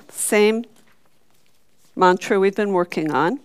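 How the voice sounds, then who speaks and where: A woman leads a chanting class, patiently explaining the notation and singing short syllables for her students to echo. Her voice is very smooth and clear, and she speaks in a slow, unhurried way. The sound is close and dry, with no room echo. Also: on the low side. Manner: patient, demonstrates sung syllables for the class to repeat. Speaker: teacher. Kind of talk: chanting lesson.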